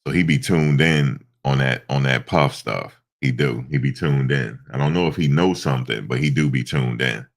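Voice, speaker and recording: Very deep, gravelly stuffed-up man. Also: moderate pace, hardly any pauses. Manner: rambling storytelling with many fillers. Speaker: live-stream host. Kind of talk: casual live-stream chat.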